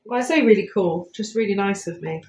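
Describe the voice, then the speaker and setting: A paranormal investigator livestreams from a house at night on her phone, chatting casually and rambling with plenty of ums. Her mid-range voice is brisk and a little mellow, and the roomy house gives the audio an echo.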